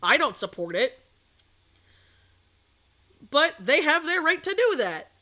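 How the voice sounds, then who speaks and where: A woman's voice: high-pitched, takes it slowly. A young woman streaming as a VTuber, chatting casually and bluntly, with a sore throat. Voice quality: outspoken, animated storytelling. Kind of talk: casual chat.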